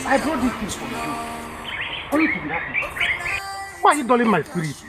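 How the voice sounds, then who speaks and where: A man's voice: high-pitched, big pitch swings, normal speed, loud music behind the voice. An actor with a Nigerian English accent playing a boastful village man who stumbles over his words while bragging about big schemes. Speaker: village bushmeat seller. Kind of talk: film drama acting.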